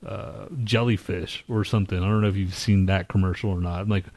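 A man's voice: sits low, fairly even intonation, fairly quick, a little mellow. Male podcast host, loose and rambling, mocking impressions, plenty of swearing. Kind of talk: casual chat.

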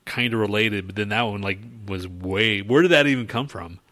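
Male podcast co-host, lowish voice, rambling and slangy. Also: bright, forceful tone. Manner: loose, halting talk full of "like" and "dude". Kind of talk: casual chat.

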